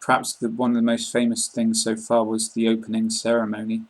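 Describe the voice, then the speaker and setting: A British man with a slightly husky voice, calmly explaining things in an online English lesson. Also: fairly low pitch, fairly quick, rough recording. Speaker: English accent teacher.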